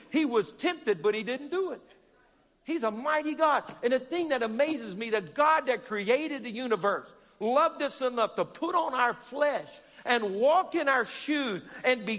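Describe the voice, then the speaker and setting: A man preaching a sermon, calling out to the congregation and rising to shouts. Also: very high-pitched, big-room sound.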